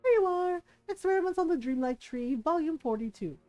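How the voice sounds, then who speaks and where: A woman's voice: very high voice, animated, a little fast, dark tone, no room sound, soft background music, pitched above the performer's own voice, rough recording. A woman reading a smug scheming woman. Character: condescending scheming woman, smug and sharp-tongued. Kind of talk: reading video game dialogue aloud.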